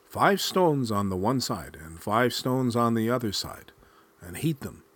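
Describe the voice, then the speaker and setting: A man's voice: mid-range voice, sing-song, unhurried, a bit bright. A man voicing a crafty, boastful male coyote trickster in a spoken folk tale, giving orders and mocking. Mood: commanding. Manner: boastful, commanding.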